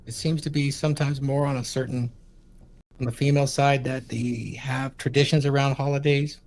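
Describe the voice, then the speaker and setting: A man, a counselor, speaking in a measured, analytical way on a casual podcast. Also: medium pitch, a little hiss or hum.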